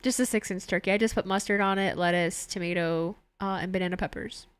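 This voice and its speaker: A woman's voice: mid-range voice, fairly even intonation, a little fast, clean tone, no room sound. A young woman live-streaming, chatting casually with viewers and laughing often as she reads out their messages. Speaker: streamer watching a wrestling show.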